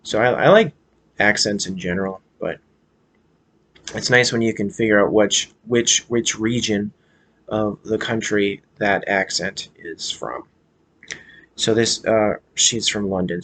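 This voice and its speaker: American guy rambling on about movies, kinda low voice, lots of uhs and restarts. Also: a bit bright. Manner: hesitant, rambling, many fillers and restarts. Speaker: vlogger. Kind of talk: casual rambling movie chat.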